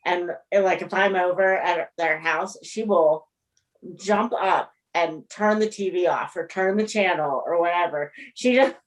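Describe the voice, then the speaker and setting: A woman's voice: lowish voice, measured pace, distant mic. A woman co-hosting a casual book chat over a video call, laughing often as she talks. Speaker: book club co-host. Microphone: video call, a bit off mic.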